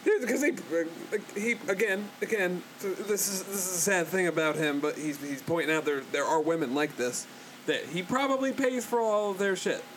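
A man's voice: high-pitched, animated, normal speed, fairly bright tone, slight background noise, rough recording. A man co-hosting a podcast, reacting casually in a laid-back, profane way. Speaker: podcast co-host.

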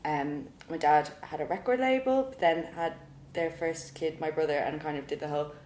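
A woman's voice: low-pitched, moderate pace, a little mellow. A woman in her twenties with an Irish accent, chatting as an interview guest, laughing often and saying "like" a lot. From Ireland. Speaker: guest illustrator. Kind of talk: casual interview chat. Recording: roomy with faint noise.

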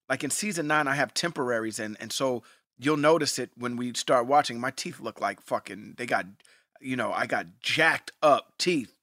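A man's voice: medium pitch, bright, forceful tone, no room sound, clean studio sound. A middle-aged man co-hosting a podcast, chatting loosely and profanely and laughing often. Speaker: podcast co-host. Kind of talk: casual rewatch chat.

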